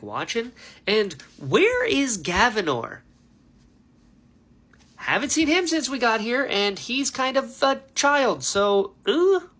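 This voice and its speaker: A man hosting a book reaction video, talking in a casual, chatty way and saying "like" and "dude" a lot. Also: a little high. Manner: animated, chatty, heavy use of "like" and "dude".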